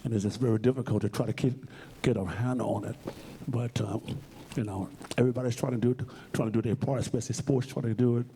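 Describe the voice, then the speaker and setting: A man's voice: mid-range voice, steady tone, fast, mellow, a little hiss or hum. A man being interviewed on stage at a library event, speaking bluntly and emphatically and swearing freely. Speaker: interview guest.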